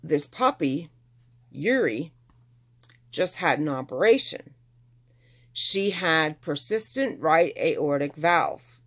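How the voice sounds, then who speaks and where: A woman's voice: low voice, slow pace, long pauses. A middle-aged woman telling a personal story casually, animatedly acting out the people she quotes. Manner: animated, acts out quoted dialogue with exasperation.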